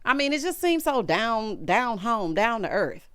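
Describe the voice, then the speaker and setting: A woman's voice: a little high, big pitch swings, unhurried, a bit bright, clean tone, no echo, clean studio sound. A woman with a Southern US accent giving a sassy, gossipy recap of a reality show, talking to viewers as honey and y'all. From Southern United States. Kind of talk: casual recap commentary.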